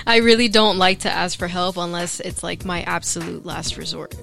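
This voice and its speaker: A woman's voice: fairly low pitch, moderate pace, creaky, over music. A woman co-hosting a casual podcast, friendly and reflective, greeting listeners with y'all. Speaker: podcast co-host.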